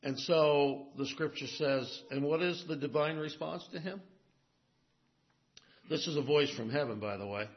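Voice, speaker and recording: A man preaching a sermon as pastor, swinging between emphatic, raised lines and hushed, low asides. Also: unhurried, muffled recording.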